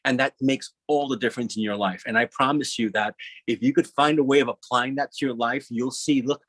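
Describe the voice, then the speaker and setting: A man speaking on a panel in a casual, animated, profane way, acting out little quoted voices. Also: medium pitch, a little fast, no room sound.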